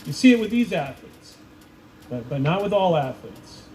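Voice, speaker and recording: A man coach speaks at a school ceremony with a somewhat higher voice, telling stories and acting out the people in them. Faint room ambience sits behind him. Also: moderate pace, a little hiss or hum, poor audio. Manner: animated storytelling with voiced quotes. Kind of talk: ceremony speech with anecdotes. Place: school event space.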